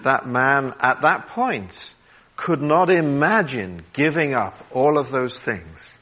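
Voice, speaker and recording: A man preaching a sermon in an earnest voice, dropping low and quiet when he quotes Jesus. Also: animated, slow, breathy edge, dull audio. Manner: earnest, drops to a hush when quoting, gets emotional.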